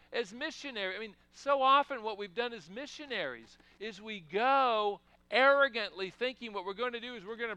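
A man's voice: very high-pitched, bright, forceful tone, smooth, no echo. A man preaching a sermon in a conversational way, asking the congregation questions and breaking into emphatic bursts. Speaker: pastor.

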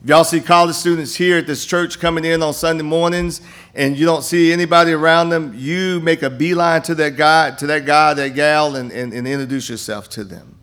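A man's voice: fairly high pitch, steady tone, fairly quick, fairly bright tone. An older man, a campus minister speaking to a church congregation and telling folksy stories with many restarts. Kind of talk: church appeal and testimony. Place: church sanctuary.

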